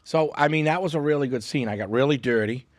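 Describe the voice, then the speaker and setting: Boston-accented man telling animated stories. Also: a little high, fast talker. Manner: animated storyteller, jokey and boastful. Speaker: guest comedian. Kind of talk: casual podcast chat. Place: podcast studio.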